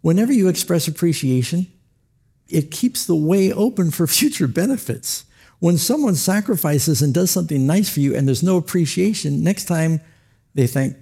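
A man's voice: fairly high pitch, warm tone, slightly rough. A man preaching a sermon, telling stories with acted quotes and chuckles. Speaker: pastor.

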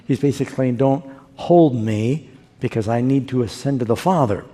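A man preaching a sermon with a mellow, relaxed tone, acting out the quotes and stories he tells in an animated way. His voice rings with the long reverb of a large hall, as if heard in a church sanctuary. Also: medium pitch, a little fast. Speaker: pastor.

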